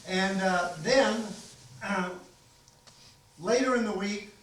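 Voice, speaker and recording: A man's voice: high voice, slow pace, fairly bright tone, a little hiss or hum. An older man with a Maine accent, hosting a storytelling gathering at a library and talking in a rambling, folksy way with many ums and restarts. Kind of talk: casual storytelling to an audience. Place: library meeting room. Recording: echoey room, voice from far off.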